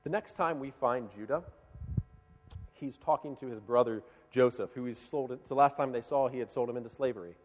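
A man preaching a sermon, telling a story with dramatic swings from loud pleading to hushed, quiet lines. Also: mid-range voice, a little fast, long reverb tail.

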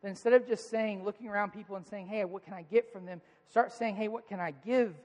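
High-voiced pastor preaching in a hall. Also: male voice, steady tone, quick pace. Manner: rises in pitch and volume for emphasis, drops to quiet asides. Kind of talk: sermon. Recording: hall reverb.

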